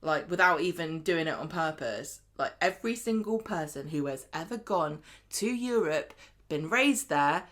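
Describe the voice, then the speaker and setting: A woman's voice: sits low, animated, normal speed, fairly bright tone. A woman co-hosting a casual podcast chat, joking and bantering playfully. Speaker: podcast co-host. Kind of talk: casual chat about a soap opera.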